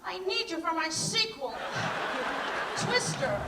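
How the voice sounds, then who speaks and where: A woman's voice: extremely high pitch, big pitch swings, slow, roomy sound, heavy background noise, pitched above the performer's own voice, full character voice. A woman playing a frantic, dithering young heroine in a comedy parody sketch. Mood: giddy. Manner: squealing, breathless comic panic.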